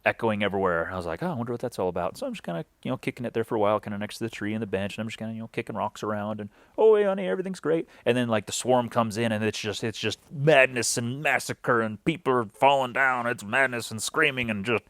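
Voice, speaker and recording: A man's voice: on the low side, fast talker, hardly any pauses, a bit bright, no echo. A man recapping a weekend game event in a loose, rambling way, full of fillers and restarts, acting out bits of dialogue.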